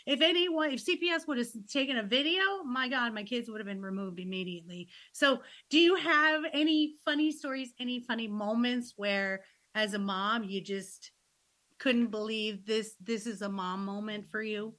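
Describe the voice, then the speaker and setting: A woman's voice: on the high side, normal speed. A woman in her fifties hosting a podcast, a grandmother chatting casually and acting out quotes with laughter. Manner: animated, laughing, acts out quotes. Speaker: podcast host.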